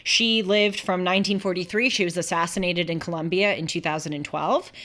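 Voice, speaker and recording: A woman hosting a live talk show, giving chatty, opinionated commentary with quick asides. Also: fairly low pitch, fairly even intonation, bright, forceful tone. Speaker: show host.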